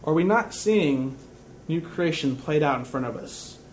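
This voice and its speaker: A man preaching a sermon in a church, earnest and measured, dropping to a hushed tone in reflective stretches. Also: fairly high pitch, expressive, slight background noise. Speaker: pastor.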